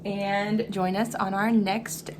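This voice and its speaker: A woman's voice: medium pitch, flat delivery, takes it slowly, darkish tone, a little hiss or hum. Chatty woman hosting a home cooking vlog. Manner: chatty, laughs often, frequent "um"s. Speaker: cooking vlog host and mother. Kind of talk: casual home cooking chat. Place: home kitchen.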